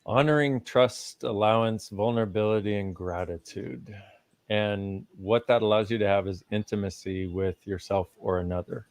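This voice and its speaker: A man's voice: on the low side, moderate pace, a little mellow, no room sound. A man speaking as a guest in a live conversation, teaching with emphasis and casual swearing.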